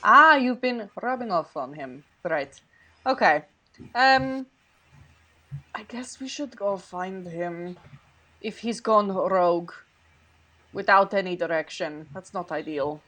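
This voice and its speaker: A woman's voice: medium pitch, takes it slowly, pauses often, pushed and bright. A woman playing a tabletop game who is cautious and firmly refuses to take risks. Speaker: player. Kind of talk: tabletop game role-play.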